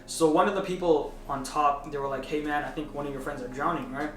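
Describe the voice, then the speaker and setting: A young man telling a story in casual chat, animated and tagging his lines with "right?". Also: fairly high pitch, a little fast, faint music behind. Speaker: vlogger. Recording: echoey room, mic at a distance.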